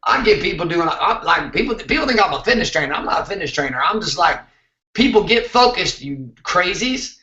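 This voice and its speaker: A man's voice: high voice, sing-song, a little fast, bright, forceful tone, reverberant, dull audio. A man hosting a motivational show, talking intensely and emphatically, with some swearing. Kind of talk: motivational talk to camera.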